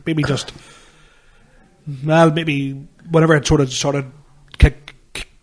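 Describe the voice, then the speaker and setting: A man's voice: a little high, flat delivery, a little slow. A man with a Northern Irish accent, co-hosting a podcast and telling anecdotes in casual, swearing chat. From Northern Ireland. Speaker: podcast co-host.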